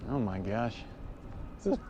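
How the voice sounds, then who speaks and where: A man with a slightly low voice talks in a relaxed, joking way while riding a cargo bike along a windy city path. He speaks into a camera mounted on the bike, and a faint hiss sits behind him. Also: measured pace, highs cut off. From United States. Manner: joking, easygoing, chatty. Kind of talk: casual livestream chat.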